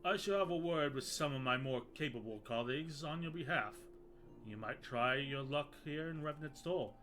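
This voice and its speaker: A man's voice: fairly high pitch, expressive, a bit bright, slight background noise. A man reading a firm, formal guild official. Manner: formal, measured, slightly raised. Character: firm male guild official, dutiful and proud.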